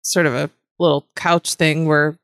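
Brief: woman co-host, slightly low voice, blunt and profane, dry close sound. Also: level tone, unhurried, no room sound. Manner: blunt, swears freely. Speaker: podcast co-host. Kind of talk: casual TV recap chat.

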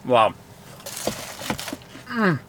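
A man's voice: mid-range voice, very animated, extremely slow, bright, forceful tone, a little hiss or hum. A young man co-hosting a podcast, teasing and asking curious questions in casual chat while eating. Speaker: podcast co-host.

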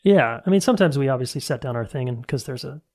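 A man of ordinary middle pitch speaks as a podcast guest and relationship coach. He is candid and reflective, and he circles his points with casual fillers. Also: lively intonation, fast talker, darkish tone.

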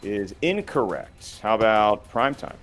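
A man's voice: fairly low pitch, big pitch swings, measured pace, a bit bright, soft background music. A man hosting a trivia game show, reading questions and counting down with playful, teasing banter.

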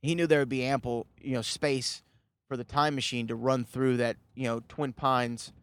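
A man's voice: medium pitch, little pitch movement, normal speed, clean tone, no echo. A man hosting a podcast, casually recapping a movie in a rambling way, full of "you know" fillers and the odd chuckle. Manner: chuckles at his own remarks. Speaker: podcast host.

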